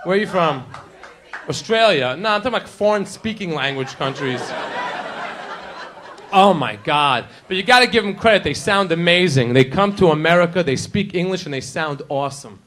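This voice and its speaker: A man doing a stand-up routine in a comedy club, brash and working the crowd, shouting his punchlines. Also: fairly high pitch. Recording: live club with crowd laughter and ambient noise.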